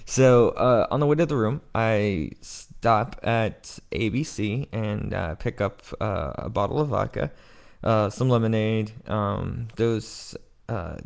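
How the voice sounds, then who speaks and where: An easygoing man with a lower voice co-hosts a live studio show. He chats casually and tells his story at an unhurried pace. He comes across as agreeable. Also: creaky. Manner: easygoing, agreeable, laughs along. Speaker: co-host. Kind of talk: casual chat. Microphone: studio mic.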